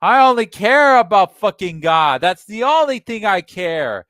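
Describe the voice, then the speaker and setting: A man's voice: high voice, very animated, fairly bright tone, no echo, studio quality. A young American man ranting angrily at home, swearing often and breaking off mid-sentence to restart. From United States. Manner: heated, profane, halting with restarts. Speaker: channel host. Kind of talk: angry solo rant.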